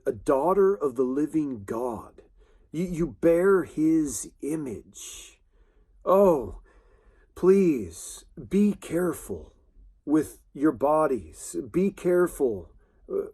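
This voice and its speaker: A man preaching a sermon in an earnest, halting way, with many restarts and fillers. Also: on the high side, darkish tone, husky.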